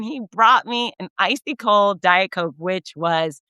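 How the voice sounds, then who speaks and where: A middle-aged woman recaps her weekend as a race announcer, effusive and animated, acting out every quote. Her voice is bright and crisp. It is recorded dry and close with no room sound. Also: mid-range voice, slow pace, few pauses, no room sound. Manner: effusive, animated storyteller who acts out quotes. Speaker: race announcer and podcast host. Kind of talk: casual storytelling recap.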